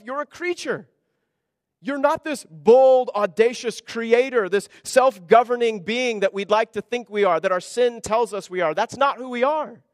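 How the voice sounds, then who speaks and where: A man preaching a sermon as pastor, earnest, with hushed asides and pressing emphasis. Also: high voice, no room sound, studio quality.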